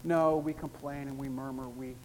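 A pastor preaching a sermon, emphatic and repetitive, with wide swings in pitch and loudness. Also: steady tone, moderate pace. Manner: emphatic, repeats key phrases, big swings in pitch and loudness. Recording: long hall reverb with faint noise.

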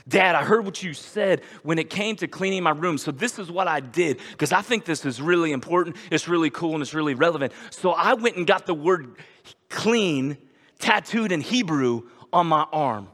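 A man's voice: on the high side, expressive, normal speed, fairly bright tone, in a large hall. A man doing an eager, evasive teenage daughter. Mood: earnest. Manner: eager, self-justifying rambling. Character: earnest evasive teenage daughter, all talk no action.

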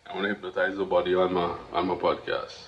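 Low, monotone and fast, a Trinidadian-accented podcast host delivers a motivational monologue. He comes off preachy and repetitive, often asking "you understand?", and the lo-fi recording is dull with faint background noise.

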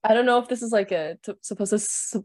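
A woman's voice: medium pitch, quick pace, darkish tone, no room sound. Giggly young woman streamer, dry sound. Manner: giggly, chatty, reads with laughs. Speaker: stream host. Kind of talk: casual livestream chat and reading aloud.

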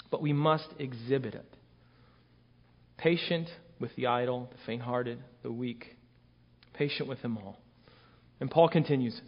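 A man in his thirties delivers a sermon in a somewhat high voice, earnest and emphatic. He leans on repetition and restarts to drive home each point. The recording is dull and lo-fi, with the top end rolled off. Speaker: guest preacher.

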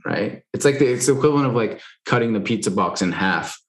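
A man's voice: mid-range voice, lively intonation, fast. A man talking candidly in casual conversation, loose and frank, with lots of fillers and the odd swear.

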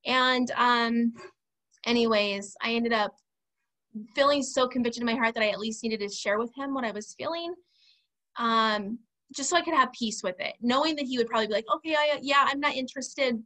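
A woman with a higher, very bright voice speaks as a podcast guest. She tells her story in an earnest, reflective way, and her conversational tone stays relaxed. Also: normal speed. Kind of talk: casual storytelling in an interview.

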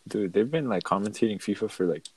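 A man's voice: fairly low pitch, lively intonation, fast talker, a little mellow, a little hiss or hum, low-quality recording. A young man in a casual podcast chat, blunt with dry teasing.

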